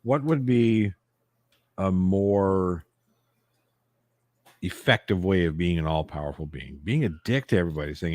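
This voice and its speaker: Deep-voiced, argumentative man on a stream. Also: animated, measured pace, pauses often, darkish tone, no echo, studio quality. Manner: emphatic, argumentative, profane. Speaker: livestream co-host. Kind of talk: casual chat.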